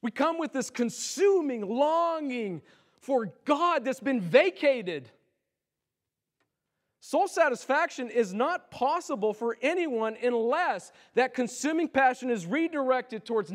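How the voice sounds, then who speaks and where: Male pastor, very high voice, fervent sermon delivery with big swings from cries to near-whispers. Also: very animated, slow. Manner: impassioned preaching, rising to loud cries then dropping low. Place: church sanctuary.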